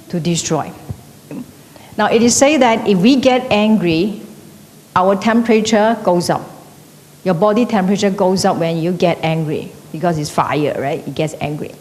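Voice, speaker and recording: A woman's voice: moderate pace, darkish tone. Woman lecturing in an echoey hall. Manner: conversational, frequent tag questions like "okay?" and "right?". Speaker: teacher. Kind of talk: classroom lecture. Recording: echoey hall with faint rumble.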